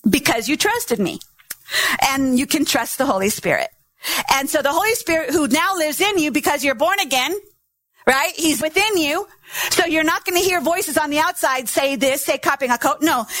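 Woman pastor, sermon, teaching tone, sounds out syllables, high voice, dry recording. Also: fairly bright tone, dry recording. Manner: teaching, demonstrates syllables aloud.

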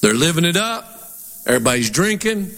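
A pastor with a Southern twang preaching a sermon in an animated, folksy way, putting on mock voices. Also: male voice, on the high side, fairly quick. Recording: long hall reverb.

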